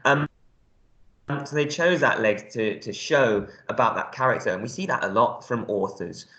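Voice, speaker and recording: A man's voice: mid-range voice, moderate pace, fairly bright tone, reverberant, dull audio. A male primary school teacher giving a recorded reading lesson, explaining words step by step in a friendly way with lots of ums.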